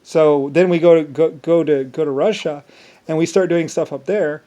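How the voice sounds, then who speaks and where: A man's voice: fairly high pitch, moderate pace, dark tone. A man talking alone in a meandering monologue, full of restarts and filler words. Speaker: solo vlogger. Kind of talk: rambling monologue.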